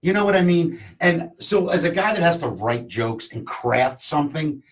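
A man from Baltimore, a comedian, talks casually on a podcast. He is blunt and profane, with a sardonic edge. His voice sits a little high and moves in wide, lively swings. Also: normal speed. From Baltimore, Maryland. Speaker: comedian guest.

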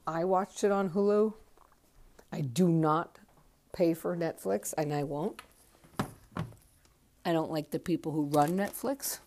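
A woman's voice: lowish voice, mellow. A woman hosting a podcast, rambling late at night at home while doing chores, blunt and emotional, swearing freely. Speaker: podcast host.

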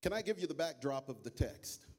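A bishop preaching to a church congregation, singing worship lines and leading the room in call and response. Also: male voice, expressive. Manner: sings with long drawn-out high notes. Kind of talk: worship singing then sermon. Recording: live church mic with music behind.

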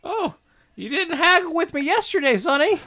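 Man doing a high, sing-song old hag trader; sweet-talking, pushy, very lively pitch. Tabletop game role. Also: normal speed, heavily acted. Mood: haggling. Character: sugary old female hag shopkeeper, pushy haggler.

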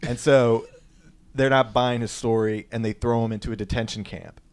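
A man retelling a movie plot in a loose, rambling podcast chat. His voice sits at a middle pitch, and his talk is peppered with fillers and "like". The delivery is casual and unhurried. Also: steady tone, smooth. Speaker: podcast co-host. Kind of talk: casual film recap.

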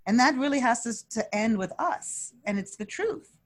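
A woman speaking as a wellness guest in a conversational interview, earnest and energetic, with frequent restarts and fillers. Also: fairly high pitch, normal speed.

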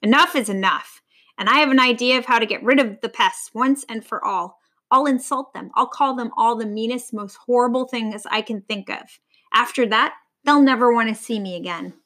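A woman voicing a proud, grumpy old male lion in a storybook reading, speaking gruffly and grumbling. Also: on the high side, normal speed, fairly bright tone.

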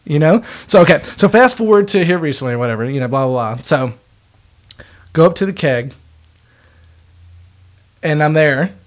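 A man's voice: fairly high pitch, expressive, normal speed, pauses often. A man in his twenties telling a long story in casual podcast chat, joking and laughing often. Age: 20s. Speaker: podcast co-host.

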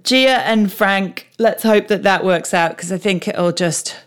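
A woman's voice: medium pitch, measured pace, smooth. A woman co-hosting a podcast, chatting casually and effusively about reality TV. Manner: chatty and effusive, with frequent fillers. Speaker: podcast co-host.

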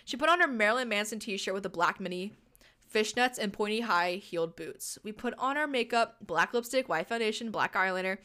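A woman's voice: medium pitch, expressive, fairly quick, sharp tone, clear, resonant tone. A young woman co-hosting a casual podcast, reading fanfiction aloud with giggly asides and jokes. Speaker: podcast co-host.

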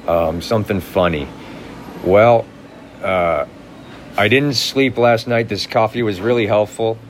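A man's voice: lowish voice, measured pace, a little hiss or hum. A man chatting casually as a podcast guest, rambling with many fillers and restarts. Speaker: guest comedian.

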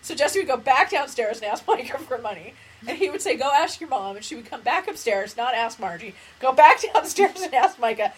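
A woman's voice: on the high side, sing-song, a little fast, poor audio. A woman co-hosting a podcast in casual chat, telling long rambling stories and laughing as she goes. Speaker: podcast co-host. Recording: faint background noise.

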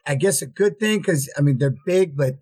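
A man's voice: on the high side, normal speed, a little mellow, breathy edge, no room sound. A man chatting casually, asking curious questions. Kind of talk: casual chat.

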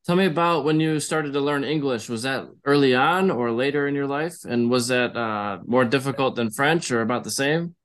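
Relaxed man hosting a podcast. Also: medium pitch, moderate pace, hardly any pauses. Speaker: podcast host. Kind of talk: casual interview chat.

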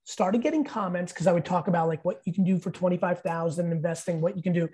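Man, fifties, husky, mellow tone, podcast guest, emphatic profane storyteller, casual chat. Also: sits high, fast talker. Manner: profane, emphatic storyteller who acts out quotes.

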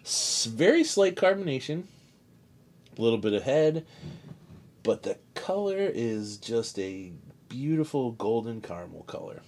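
A man's voice: mid-range voice, lively intonation, a little slow, a little mellow. A man hosting a casual chat show, telling stories in a rambling way with many restarts and laughs. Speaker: host.

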